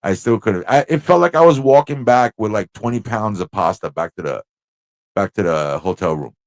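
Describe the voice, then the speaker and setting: A livestream host from Corona, Queens, New York, tells a story with a New York accent in a casual, animated style, acting out voices and laughing often. His voice is fairly low and moderately paced, with no room sound in the recording.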